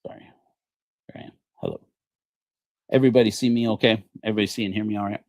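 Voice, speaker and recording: A man's voice: lowish voice, fairly even intonation, fast talker, darkish tone, dry recording. A man preaching a comedic, rambling sermon on a livestream, joking and self-deprecating. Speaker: preacher of a parody church.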